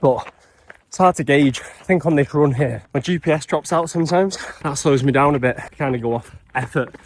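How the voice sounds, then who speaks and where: A man's voice: a little high, moderate pace, slight background noise. A man, narrating a casual fitness vlog in a chatty, upbeat way and explaining as he goes. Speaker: fitness vlogger.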